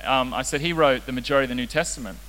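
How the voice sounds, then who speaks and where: A man's voice: medium pitch, rapid-fire, a bit bright. A young man preaching a casual, joking sermon as a youth pastor. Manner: casual, joking, self-deprecating. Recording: reverberant hall with faint hiss.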